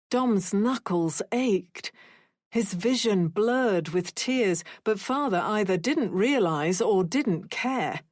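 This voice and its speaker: Unhurried female audiobook reader, mid-pitched, dry close recording. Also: a little mellow, dry recording. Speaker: audiobook narrator. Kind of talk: audiobook narration.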